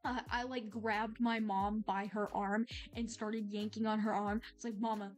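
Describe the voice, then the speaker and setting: A young adult woman chatting casually while she draws on stream, excitable and gushing, rambling with lots of fillers. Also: medium pitch, normal speed, hardly any pauses, faint music behind. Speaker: art streamer. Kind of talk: casual chat while drawing.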